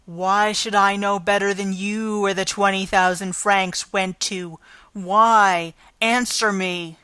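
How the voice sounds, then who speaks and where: A woman's voice: lowish voice, measured pace, pushed and bright, no room sound. Woman playing a roaring, blustering theatre manager. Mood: angry. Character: hot-tempered male theatre manager, bellowing.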